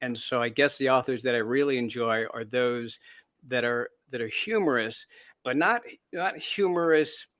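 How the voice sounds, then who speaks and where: This Canadian-born author, interviewed casually, tells stories in a chatty, self-deprecating way, often using fillers and restarting sentences. His voice sits mid-range and is a bit bright, moving at normal speed.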